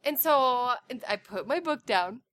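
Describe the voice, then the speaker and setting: Co-host mom, high bright voice, loud and lively storyteller in casual talk. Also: female voice, unhurried. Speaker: parent and co-host. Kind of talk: casual chat.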